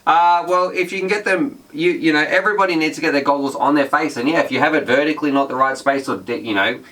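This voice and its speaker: A man's voice: fairly high pitch, fast talker, sharp tone, recorded from a distance. A man hosting a casual drone Q&A, reading out viewer questions. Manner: reads viewer questions aloud, chatty. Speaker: host. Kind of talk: casual Q&A chat.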